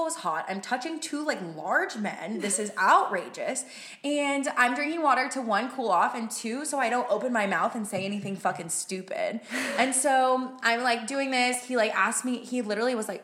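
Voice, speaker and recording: A woman's voice: on the high side, fairly quick, fairly bright tone. A young woman in casual chat, telling a story with lots of "like" and casual swearing. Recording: roomy echo.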